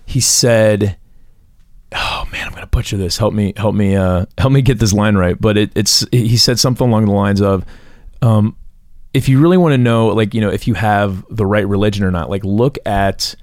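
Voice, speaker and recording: Halting man co-hosting a podcast. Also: on the low side, a little mellow, no echo, clean studio sound. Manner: halting, restarts often and repeats words. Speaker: podcast co-host. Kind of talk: casual podcast chat.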